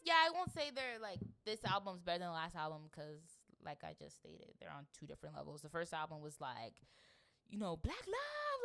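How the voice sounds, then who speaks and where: Woman, podcast host, casual rambling chat, smooth tone, lowish pitch. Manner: rambling, filler-heavy, animated.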